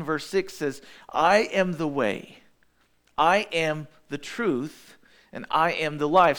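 A male pastor preaches a sermon, working through Bible verses one by one and acting out quoted voices with sudden high bursts. His tone is fairly bright.

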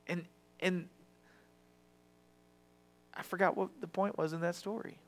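A man preaching a sermon with passion, swinging from loud to hushed and sometimes stumbling over his words. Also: high-pitched, fairly even intonation, unhurried, long pauses.

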